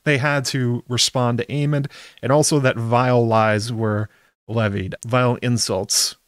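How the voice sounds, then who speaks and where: In a clear, resonant mid-range voice, steady in tone and measured in pace, a man gives a chatty, wry recap of an episode with the occasional swear word. The studio recording is clean, with no room sound.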